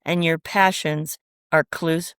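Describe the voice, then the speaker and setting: A woman from Minnesota, a transformation coach, telling lively stories in an interview and acting out what people said. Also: deep voice, slow pace, smooth, no echo, studio quality. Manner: animated storyteller acting out quoted voices. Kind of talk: storytelling interview answers.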